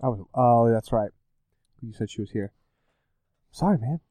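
A young man co-hosts a relaxed podcast, ribbing his friend and laughing easily. His voice sits at a middle pitch and is recorded dry, with no room sound. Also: moderate pace, no room sound. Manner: teasing, laughs often. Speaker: podcast co-host. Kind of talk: casual chat.

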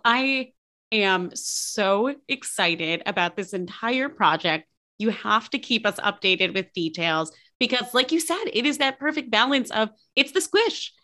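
A woman's voice: mid-range voice, bright, forceful tone. A woman hosting a podcast interview, chatting casually and gushing with enthusiasm. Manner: effusive, enthusiastic. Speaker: podcast host.

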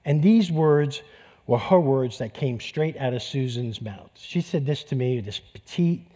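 A man's voice: medium pitch, expressive, a little slow, warm tone. A man preaching a sermon, telling personal stories in a conversational way. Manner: conversational, storytelling with restarts. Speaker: pastor.

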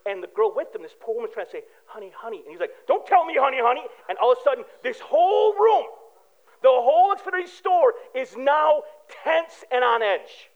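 A man's voice: very high voice, very animated, moderate pace, highs cut off. A man, a pastor, giving a conversational sermon full of everyday stories and asides to the congregation. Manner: casual storytelling with asides to the congregation.

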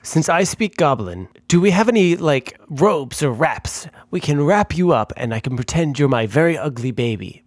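A man's voice: fairly high pitch, normal speed, few pauses, no echo, clean studio sound. Playful man hamming it up at the table. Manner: playful, jokey, animated. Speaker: player. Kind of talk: in-character tabletop game play.

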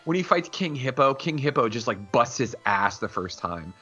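Animated, rambling guy with a bright voice. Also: mid-range voice, normal speed, breathy edge, highs cut off, soft background music. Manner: rambling, animated, does goofy character voices. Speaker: podcast co-host. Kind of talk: casual chat.

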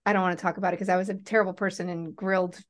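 A woman's voice: on the low side, flat delivery, rapid-fire. A woman co-hosting a casual podcast, talking emotionally and hesitantly. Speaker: podcast co-host. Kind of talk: casual chat.

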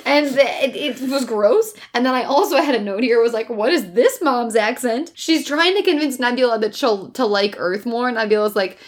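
A woman's voice: on the high side, normal speed, few pauses. A woman co-hosting a podcast, recapping a film in casual chat with blunt, crude jokes and frequent laughter. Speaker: podcast co-host.

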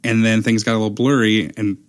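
A man's voice: fairly low pitch, brisk. A young man telling a story in casual chat, acting out the quotes as he goes. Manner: animated storyteller, acts out quotes.

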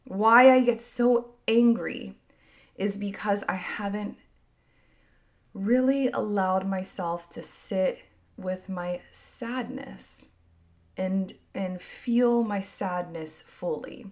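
A woman hosting a podcast, talking through her emotions in a soft, musing, reflective monologue full of casual fillers. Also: mid-range voice, slow pace. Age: adult mother. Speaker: podcast host.

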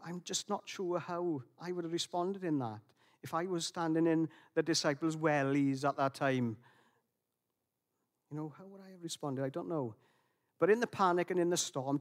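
A preacher with a fairly high voice gives a gentle, reflective sermon. He frequently restarts phrases and pauses on fillers.

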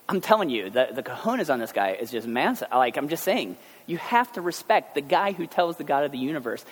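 A male pastor giving a conversational sermon, animated and joking as he talks to the congregation. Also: fairly high pitch, a little fast, hardly any pauses. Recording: long hall reverb.

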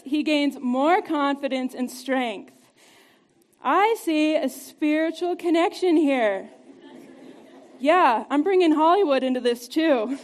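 A woman giving an upbeat, conversational devotional talk to a group, chatty and quick to laugh. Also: high voice. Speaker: church teacher.

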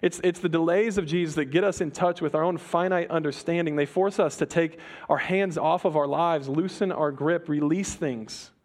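A man preaching a sermon in a conversational, animated way, acting out quoted voices. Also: on the high side, normal speed, hardly any pauses. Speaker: pastor.

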